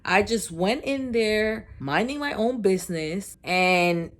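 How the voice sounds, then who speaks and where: A woman vlogger recounts a storytime in casual speech, animated and exasperated. She rants with a mid-range voice, talking straight to her viewers. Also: mid-range voice, takes it slowly. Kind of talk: storytime vlog.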